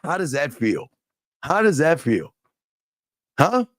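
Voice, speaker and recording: A man's voice: fairly high pitch, very animated, slow pace, no echo, clean studio sound. A man co-hosting a talk show, crude and mocking as he taunts a caller. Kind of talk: casual talk show chat.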